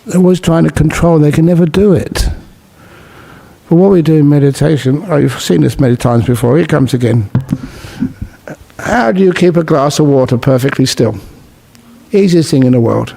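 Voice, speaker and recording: Male Buddhist monk, dharma talk, mellow dark tone, humorous storyteller, unhurried teaching. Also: on the high side, creaky. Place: talk at a city meditation centre.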